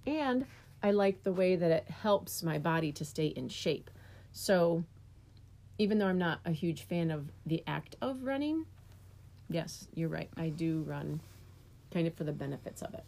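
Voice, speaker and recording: A woman's voice: low-pitched, lively intonation, unhurried, creaky, dark tone, slight background noise. A middle-aged woman chatting casually as a podcast co-host, telling self-deprecating stories. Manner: self-deprecating, storytelling, talks while eating. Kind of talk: casual chat.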